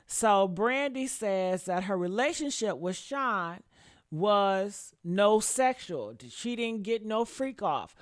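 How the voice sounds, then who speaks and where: A woman's voice: medium pitch, dry recording, studio quality. Blunt sassy woman gossip host. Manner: blunt, profane, sassy, swings between mutters and loud outbursts. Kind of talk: casual commentary reading statements.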